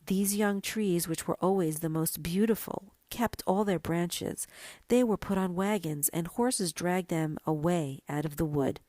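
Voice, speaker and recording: A woman podcast host reading a classic story aloud in a gentle, measured manner. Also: lowish voice, no echo. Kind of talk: storybook narration.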